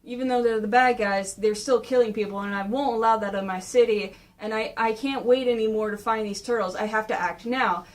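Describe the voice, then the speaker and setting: Woman doing a grim vigilante guy barking orders, still fairly high voiced. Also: brisk, hardly any pauses, distant mic, close to an everyday voice. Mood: determined. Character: brooding male masked vigilante.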